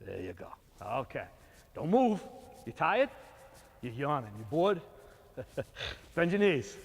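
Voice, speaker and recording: A man's voice: fairly high pitch, big pitch swings, takes it slowly, vocal fry, slightly rough. An older man coaching young kids through a throwing drill, giving short, encouraging repeated commands. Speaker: youth baseball coach. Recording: long reverb from a hall.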